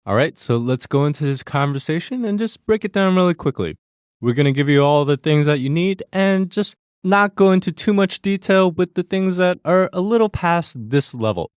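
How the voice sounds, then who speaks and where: In a studio-quality recording with no room sound, a man hosts a language lesson, explaining Korean phrases step by step in a friendly manner and laughing easily. His fairly high voice is animated, clear and resonant, at a moderate pace.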